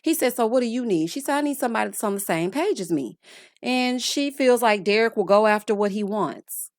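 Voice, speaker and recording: A woman in her late thirties giving a sassy, animated recap of a reality TV episode, full of scolding asides and endearments. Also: fairly high pitch, brisk, no room sound, clean studio sound. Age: late 30s. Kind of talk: casual recap commentary.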